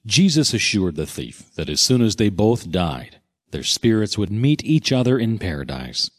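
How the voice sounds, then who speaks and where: A man narrating a scripted Bible teaching with dramatic, expressive storytelling. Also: fairly low pitch, moderate pace.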